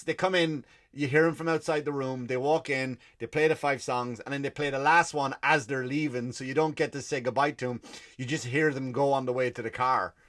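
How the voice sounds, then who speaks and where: An Irish man hosting a comedy podcast, telling stories in a swearing, ranting way. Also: medium pitch. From Ireland. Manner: profane, ranting, animated. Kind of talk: comic rant and storytelling.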